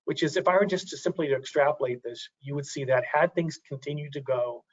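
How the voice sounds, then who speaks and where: A man presents data over a muffled, lo-fi line. His voice sits a little high, and he thinks aloud, stopping and starting as he goes through his charts. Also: quick pace, slightly rough. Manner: thinking aloud, many restarts. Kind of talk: webinar presentation.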